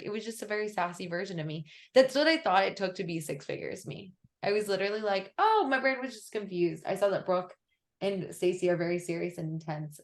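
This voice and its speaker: Young woman, business coach, chatty, filler-heavy, casual coaching call. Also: lowish voice.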